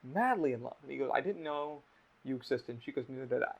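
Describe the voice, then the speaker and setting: A man's voice: mid-range voice, expressive, fast talker, vocal fry. A man hosting a podcast in casual chat, talking candidly and rambling, swearing a lot. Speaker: podcast host. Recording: dull lo-fi audio.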